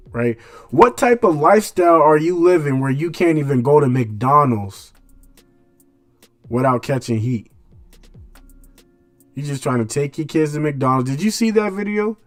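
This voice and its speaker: A man's voice: medium pitch, dry recording. Blunt man preaching in street slang. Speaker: radio show host. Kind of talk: casual commentary monologue.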